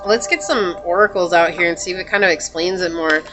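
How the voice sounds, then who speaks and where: A woman's voice: on the low side, a little fast, music in the background. A woman giving a casual tarot reading to her viewers, chatty and full of fillers and restarts. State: hiccups. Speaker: tarot reader.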